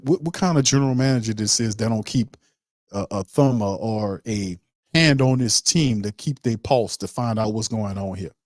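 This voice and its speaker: Hosting a sports show, a man rants heatedly with opinionated commentary and calls on his chat to agree. His medium-pitched voice is a little mellow, recorded in a clean studio with no room sound.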